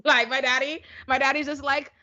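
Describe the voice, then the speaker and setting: A young woman, telling stories in a casual podcast chat, animated and laughing, heavy on slang. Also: high voice, fairly quick, dull audio, slight background noise. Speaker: podcast guest.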